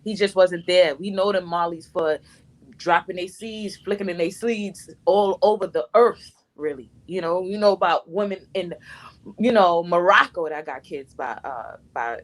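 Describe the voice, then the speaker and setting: Lady on a podcast giving her blunt take, kinda low voice. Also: normal speed. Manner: blunt, opinionated, with fillers. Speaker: podcast co-host. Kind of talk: casual chat.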